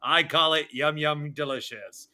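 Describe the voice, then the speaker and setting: Bright high-voiced man, brash podcast host. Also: unhurried. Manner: crude, emphatic, mock list-countdown delivery. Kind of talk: casual podcast chat.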